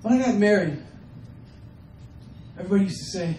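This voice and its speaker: A man performing a stand-up comedy set, acting out his family members in quick bits. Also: sits high, dark tone, slight background noise. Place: comedy stage before a live audience. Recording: roomy, distant mic with faint ambience.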